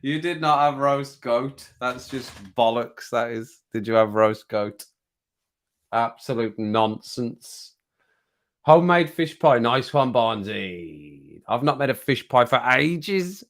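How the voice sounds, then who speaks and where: A man's voice: mid-range voice, takes it slowly, a bit bright. A middle-aged man with a Birmingham accent hosting a livestream, chatting casually with viewers in a jokey, rambling way. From England. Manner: jokey, rambling, chuckles often. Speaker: livestream host. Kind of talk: casual chat to live chat.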